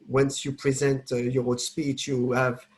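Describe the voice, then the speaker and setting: Flat-voiced man with a French accent. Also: medium pitch, a little slow. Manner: hesitant, searching for words. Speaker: audience member. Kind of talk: casual question-time comment.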